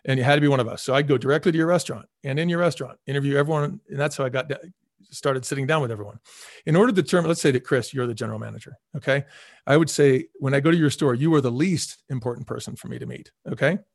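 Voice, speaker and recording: A man's voice: mid-range voice, rapid-fire, dry recording, clean studio sound. A middle-aged man, a former restaurant chain chief, telling stories in an interview, repeating words for emphasis and acting out the voices of the people he quotes. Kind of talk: casual storytelling interview.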